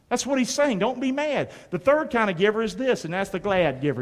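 A man's voice: high voice, expressive, brisk, few pauses, in a large hall. A man preaching a sermon as pastor, emphatic and drawing the congregation to respond. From North Carolina.

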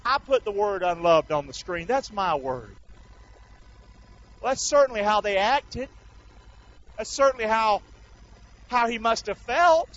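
A man preaching a sermon, calling on the congregation to answer back and swinging between shouts and hushed words. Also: high voice, expressive, a little slow, long pauses. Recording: dull lo-fi recording.

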